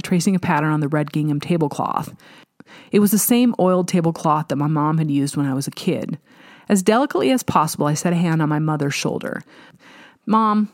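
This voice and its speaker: A woman narrating a first-person novel in a measured, wry way. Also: low voice, no echo, studio quality. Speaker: audiobook narrator.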